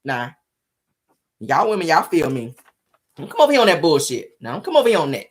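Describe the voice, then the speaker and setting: A woman's voice: low-pitched, sing-song, brisk. A woman hosting her own show, giving casual gossip commentary in a sassy, profane way, laughing often and acting out both sides of a scene. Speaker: show host.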